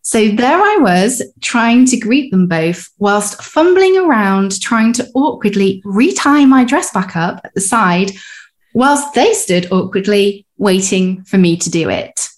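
A woman's voice: mid-range voice, big pitch swings. Upbeat woman podcast co-host. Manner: upbeat, playful, slips into quick voices for inner characters. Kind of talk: casual coaching chat and reading a listener story.

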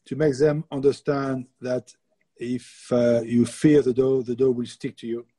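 A man's voice: mid-range voice, flat delivery, measured pace, mellow, breathy edge, low-quality recording. A middle-aged man from France with a French accent, a baker telling laughing, plainspoken stories as a guest in a casual interview.

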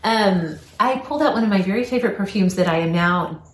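A woman's voice: mid-range voice, fairly quick, roomy sound. A woman co-hosting a podcast in casual chat, chatty and enthusiastic, laughing often. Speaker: podcast co-host.

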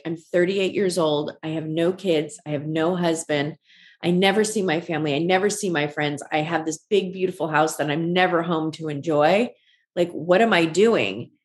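Forties woman guest, lowish voice, animated storyteller who acts out quotes. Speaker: guest, ice cream shop founder. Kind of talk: conversational storytelling.

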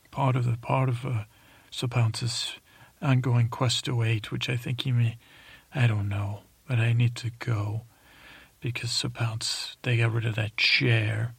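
A man hosting a sleep podcast, telling a meandering bedtime story with many pauses and fillers. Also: mid-range voice, creaky, a bit bright, slightly rough, dry recording. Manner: rambling, halting, many fillers. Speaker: podcast host.

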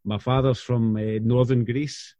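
Man, podcast host, blunt and sweary, mellow voice, dry dull lo-fi sound. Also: medium pitch, level tone, measured pace, no room sound. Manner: blunt and sweary, friendly banter. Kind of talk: casual podcast chat.

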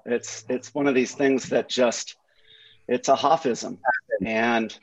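A man's voice: medium pitch, slow pace. A man chatting casually, telling anecdotes and acting out his friends' lines. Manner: animated storyteller who acts out friends' lines. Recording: slightly dull, lo-fi audio.

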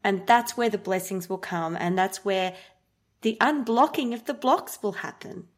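A woman's voice: medium pitch, animated, moderate pace. A woman hosting an interview podcast, talking candidly and chattily with self-deprecating asides. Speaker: podcast host. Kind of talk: conversational interview.

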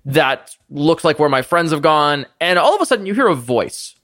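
A man narrating as game master, casual and animated, with lots of fillers. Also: fairly high pitch, moderate pace, no room sound, clean studio sound.

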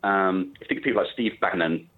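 A man calls in to a talk radio show and explains his point at length, with plenty of fillers along the way. His voice is low and husky. The call comes through muffled and dull. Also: fast. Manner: chatty, explanatory, many fillers. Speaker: caller. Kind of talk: phone-in call. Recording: muffled phone line.

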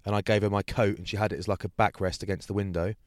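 Recorded with studio quality and no echo, this podcast co-host speaks fast in a lowish voice. He's animated as he tells a story in casual conversation, performing the voices of its characters.

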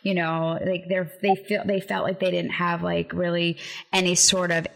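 A woman's voice: fairly low pitch, flat delivery, moderate pace, creaky, a bit bright. A woman hosting a podcast interview, chatty and giggly, with lots of fillers. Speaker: podcast host. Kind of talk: casual interview chat.

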